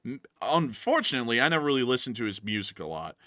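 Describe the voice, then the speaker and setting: A man's voice: mid-range voice, very animated, fast talker, bright, forceful tone, dry recording, clean studio sound. A young man co-hosting a live news stream, upbeat and chatty as he thanks supporters, laughing often. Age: young adult. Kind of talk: live-stream super chat thank-yous.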